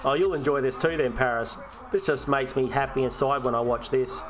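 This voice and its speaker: A man's voice: mid-range voice, a little fast, music in the background. An Australian man hosting a fantasy football live stream, chatting casually and ranting and swearing, with frequent restarts.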